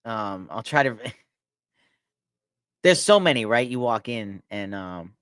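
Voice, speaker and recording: A man telling stories about his past work in a casual chat, animated and laughing often. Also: a little slow, clean tone, dry recording. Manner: animated, laughs often, acts out inmates in a loud high voice. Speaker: podcast guest. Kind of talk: casual storytelling.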